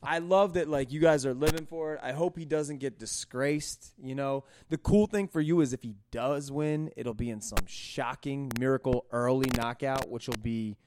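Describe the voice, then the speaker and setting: A man's voice: medium pitch, normal speed, few pauses, a little hiss or hum. A man hosting a podcast, ranting in casual chat with a lot of swearing. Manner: profane, animated ranting. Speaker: podcast host.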